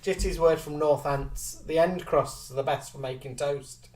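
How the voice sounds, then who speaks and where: Animated guy reading viewer comments, bit off mic. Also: on the high side, distant mic. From Liverpool. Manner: chatty, animated, quick to laugh. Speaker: co-host of a live chat show.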